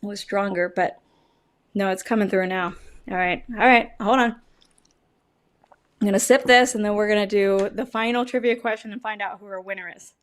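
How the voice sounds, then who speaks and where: A woman's voice: mid-range voice, fairly even intonation, normal speed, pauses often. A woman hosting a casual livestream whiskey tasting, chatty and cussing, groaning dramatically at the flavors. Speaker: livestream host.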